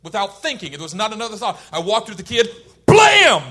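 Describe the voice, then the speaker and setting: A male preacher with a high, husky voice and a bright, forceful edge. He swings from loud emphatic lines to hushed, intense ones. He laughs his way through a story from his childhood. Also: fast talker. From Oakland, California. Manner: animated, shifts between loud emphasis and quiet intensity; laughs while telling a personal story. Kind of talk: sermon with storytelling.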